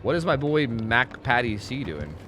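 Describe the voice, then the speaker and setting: A man commenting live on his game, his pitch leaping high and dropping low again as he swings from pleading shouts to mumbled asides. He is profane and excitable, with faint music under his voice. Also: normal speed. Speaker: streamer. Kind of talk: live gaming commentary with chat.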